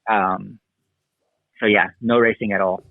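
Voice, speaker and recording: A man's voice: lowish voice, measured pace, creaky, no room sound. Man on a tinny dry line. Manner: relaxed, rambling recollection with fillers. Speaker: guest, motocross racer and coach. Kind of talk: casual interview storytelling.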